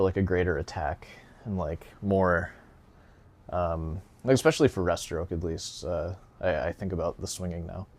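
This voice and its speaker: On a dry recording, a young man whose voice sits low runs a casual solo podcast as a guitar teacher. Slightly winded, he rambles, jokes, and leans heavily on fillers.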